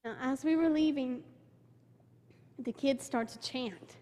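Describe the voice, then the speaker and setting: Slow and mellow, a young woman's high voice carries an emotional testimony about her mission trip, quoting people she met in her own voice. She speaks to a congregation in a church sanctuary, with long hall reverb and slight background noise on the recording.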